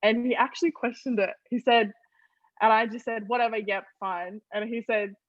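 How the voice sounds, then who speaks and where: A young woman from Australia, a guest on an interview podcast, telling family stories in an animated way and laughing often. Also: on the high side, normal speed, no room sound, muffled recording. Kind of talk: casual storytelling interview.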